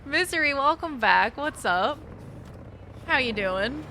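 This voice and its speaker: A woman streams a game and keeps up a loose, rambling chat, laughing often and cursing freely. Her voice is very bright and ringing, with faint noise underneath. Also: high-pitched, animated, takes it slowly. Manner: chatty, laughing, swears freely. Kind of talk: casual chat while gaming.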